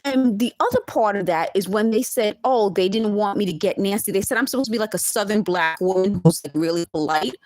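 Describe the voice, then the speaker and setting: A woman's voice: mid-range voice, a little fast, few pauses, darkish tone, no echo, soft background music. A woman, talking straight to camera in an emphatic, indignant monologue with laughing asides. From the Bronx, New York. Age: 50s. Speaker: vlogger.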